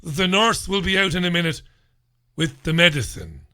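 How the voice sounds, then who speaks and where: A man's voice: high voice, animated, moderate pace, sharp tone. A man quoting an officious receptionist woman.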